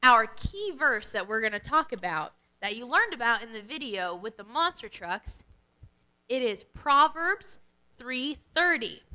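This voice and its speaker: A woman leading a children's worship lesson, speaking in an animated, sing-song way to kids. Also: fairly high pitch, a little slow, low-quality recording.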